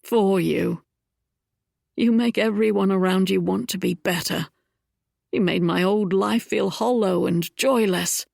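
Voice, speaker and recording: A woman's voice: medium pitch, measured pace, creaky, a little mellow, dry recording, clean studio sound. A woman voicing a charming, roguish young Regency duke in an audiobook, speaking wryly and then earnestly.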